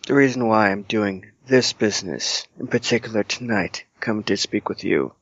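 A man playing a tabletop game, speaking in character in a slow, measured, composed way. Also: on the low side, fairly bright tone, breathy edge, lo-fi sound. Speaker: player. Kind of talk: in-character role-play.

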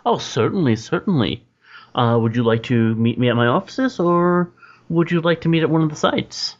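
A man's voice: on the high side, lively intonation, moderate pace, lightly acted. A man voicing an eager, fawning male business contact who answers the phone with gushing politeness, in a slightly muffled recording. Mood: obliging.

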